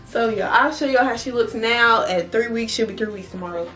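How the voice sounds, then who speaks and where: A young woman speaks in a casual vlog. Her voice sits a little high, and she talks bluntly, swears freely, and fills her lines with "like". Soft music plays faintly behind her. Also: brisk. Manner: animated, blunt and profane, with lots of "like". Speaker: vlogger.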